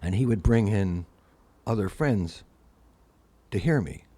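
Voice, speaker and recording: A man's voice: fairly low pitch, slow, breathy edge. An older man, a guest musician, telling long anecdotes in casual conversation and acting out the people he quotes. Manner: anecdotal, animated quoted voices. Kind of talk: casual storytelling.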